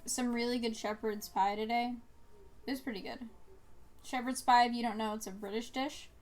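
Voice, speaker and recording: A young woman from New Jersey, chatting casually and rambling as she streams a game, with many fillers and little laughs. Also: a little high. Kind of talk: casual chat while gaming.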